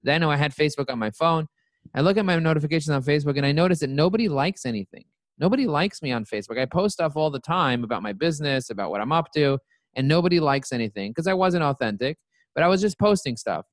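Man, CEO guest, lively storyteller, higher-pitched, dry close sound. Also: fast talker, dry recording. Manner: lively storyteller who acts out his own quotes. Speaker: interview guest, company CEO. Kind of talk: casual storytelling interview.

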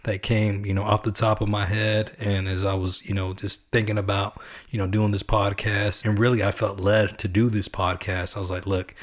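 A man's voice: lowish voice, flat delivery, normal speed, hardly any pauses. A man from Texas hosting a podcast, chatting casually and with enthusiasm about the songs he plays. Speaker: podcast host.

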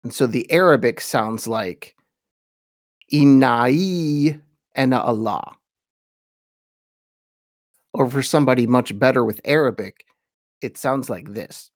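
Male podcast host, mid pitch, measured teacher who lingers over quotations, dry close mic. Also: dry recording. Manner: thoughtful, slows down to read quotations with weight. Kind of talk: informal lecture with read-aloud quotations.

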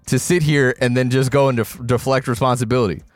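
A man's voice: mid-range voice, fairly even intonation, brisk, no echo. A man co-hosting a podcast, arguing sports in a blunt, emphatic way and swearing freely. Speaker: podcast co-host. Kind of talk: heated casual sports debate.

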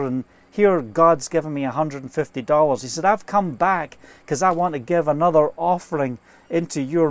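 A man's voice: on the high side, no room sound. A man preaching an informal sermon, earnest and fervent, telling stories and quoting scripture, speaking from inside a trailer.

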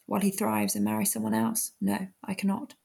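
A woman reading as a downcast young widowed countess, husky. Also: medium pitch, little pitch movement, brisk, darkish tone. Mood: morose. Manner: morose, wistful.

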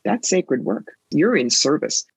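A woman's voice: deep voice, very animated, unhurried, creaky, slightly rough, dry recording. A woman psychic and author telling stories in an interview, with a sassy, theatrical manner. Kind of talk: interview conversation.

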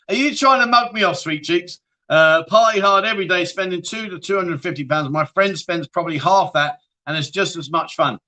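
A man's voice: sits high, pushed and bright. A man hosting a casual livestream, reading out viewer comments and bantering with a laugh. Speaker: livestream host.

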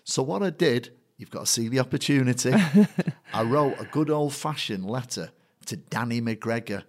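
A man's voice: mid-range voice, normal speed. A middle-aged man with a Mancunian accent tells stories from his career as a matchday compere, acting out the people he meets along the way. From Manchester, England. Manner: lively raconteur who acts out the people in his stories. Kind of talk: anecdotal storytelling in a conversation.

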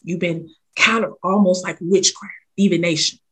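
A woman voicing a solemn male prophet who speaks in slow, grave commands, with a husky voice. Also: high voice, steady tone, fairly bright tone, pitched below the performer's own voice.

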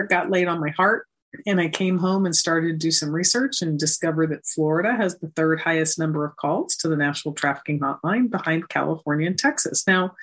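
A woman guest in an interview, telling her story with lively emphasis and acting out the dialogue. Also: deep voice. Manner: animated, emphatic, acts out quoted dialogue. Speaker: guest, nonprofit founder.

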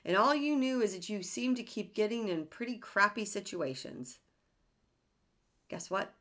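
A woman's voice: mid-range voice, lively intonation, unhurried, a bit bright. A woman hosting a self-help podcast, speaking earnestly and emphatically and often asking rhetorical questions. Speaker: podcast host.

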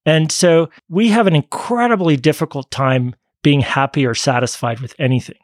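Male doctor guest, measured and reflective, dry close sound. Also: on the high side, no echo. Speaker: physician guest. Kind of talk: podcast conversation.

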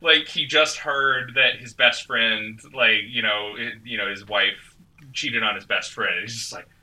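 A man's voice: mid-range voice, steady tone, a little slow, bright, forceful tone, distant mic, low-quality recording. A man hosting a podcast in casual chat, rambling with fillers and frequent giggles. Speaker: podcast host.

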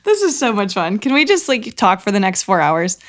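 A woman's voice: mid-range voice, very animated, fairly quick. A woman hosting a podcast, speaking effusively and emotionally, heaping praise on her guest, her voice tearful at times. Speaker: podcast host. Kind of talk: podcast interview.

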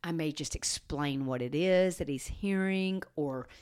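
A woman co-hosting a podcast on dog training, explaining in an earnest, steady way and sometimes slowing and softening her voice. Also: low voice, clear, resonant tone. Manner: earnest, explanatory, slows and softens to demonstrate calm talk. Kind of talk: casual podcast chat.

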